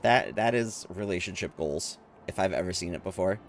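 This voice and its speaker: A man streaming his reaction to a game, excitable and quick to exclaim, often laughing. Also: low-pitched, faint music behind. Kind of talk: casual video game reaction.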